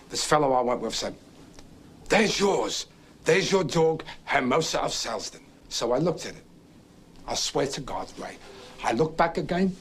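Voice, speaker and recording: A man's voice: on the high side, slight background noise. An actor playing a restless, boastful young man who rambles through a racetrack story and keeps prodding his listener with "right?". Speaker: actor in a film drama. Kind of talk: stage-play film acting.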